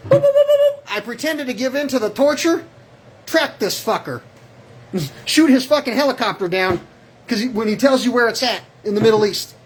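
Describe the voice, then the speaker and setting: A man's voice: high-pitched, a bit bright, breathy edge. A man calling in to a radio show with a rambling, agitated, profane rant that jumps between thoughts and acts out little exchanges. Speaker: caller.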